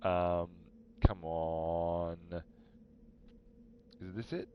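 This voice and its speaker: Streamer guy mumbling to himself, low voice, slow, kinda muffled mic. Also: steady tone, a little hiss or hum. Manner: muttering to himself while searching. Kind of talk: casual live-stream chat.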